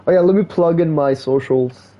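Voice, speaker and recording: A man's voice: fairly high pitch, normal speed, lo-fi sound. A man streaming live, chatting casually in a slangy, laid-back way, full of "bro" and "like". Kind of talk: casual rambling stream chat.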